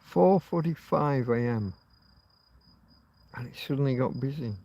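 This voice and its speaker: A man's voice: medium pitch, unhurried, vocal fry, mellow. A middle-aged man hosting a late-night livestream from outdoors, musing and swearing as he chats. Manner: musing, sweary, self-talking. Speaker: livestream host. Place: outdoors at night near a road.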